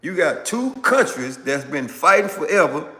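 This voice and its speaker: A man hosting a livestream, giving casual political commentary and answering viewer comments in an animated, repetitive way. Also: on the high side, moderate pace, long reverb tail. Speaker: livestream host.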